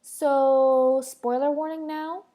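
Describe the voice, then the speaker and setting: A woman's voice: high-pitched, flat delivery, takes it slowly, mellow. A woman hosting a solo podcast, ranting casually in a rambling, emphatic way. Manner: rambling, emphatic, heavy use of "like" and "literally". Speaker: podcast host.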